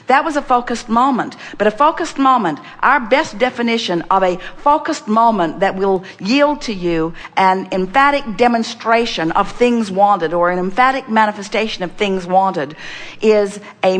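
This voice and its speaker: A woman's voice: medium pitch, lively intonation, measured pace. A woman giving an inspirational seminar talk. She speaks emphatically, talks of herself as "we", and slips into chanted repetitions. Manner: speaks as a collective "we". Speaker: spiritual teacher speaking to a seminar audience.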